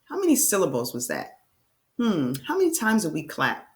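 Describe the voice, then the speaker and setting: A woman teacher giving a reading lesson to young children, with slow, enthusiastic, sing-song prompts. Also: medium pitch, wildly swooping pitch, noisy background.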